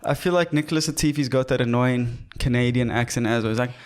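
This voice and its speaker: A man's voice: medium pitch, fast talker, darkish tone, clear, resonant tone. Joking, profane man. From South Africa. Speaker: podcast co-host. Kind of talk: casual chat.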